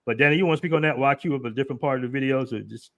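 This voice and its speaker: A man's voice: medium pitch, very fast, muffled recording. A man hosting a live show, chatting casually in a loose, rambling, emphatic way. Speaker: host.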